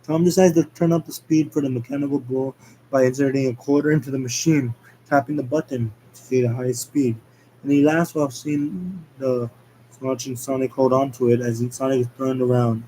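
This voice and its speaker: Amateur male script reader, mellow mid-pitched voice, halting and stumbly. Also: fairly even intonation, a little hiss or hum, low-quality recording. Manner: halting, stumbling over words. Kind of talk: amateur script read-aloud.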